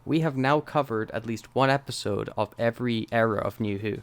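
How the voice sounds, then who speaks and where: A man hosting a casual podcast, relaxed and self-deprecating. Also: medium pitch, fairly quick, smooth. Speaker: podcast host.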